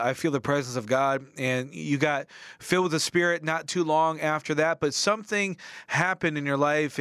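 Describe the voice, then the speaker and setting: Smooth-voiced male interview host. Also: fairly high pitch, fairly bright tone, no echo, clean studio sound. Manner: leading questions, recaps the guest's story. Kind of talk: Christian interview.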